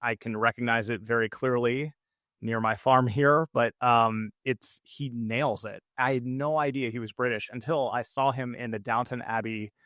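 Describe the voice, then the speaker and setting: A man's voice: mid-range voice, fairly even intonation, moderate pace, a bit bright, no room sound, clean studio sound. An American man co-hosting a podcast, chatting casually and rambling with lots of fillers and restarts. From United States. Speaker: podcast co-host. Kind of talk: casual chat.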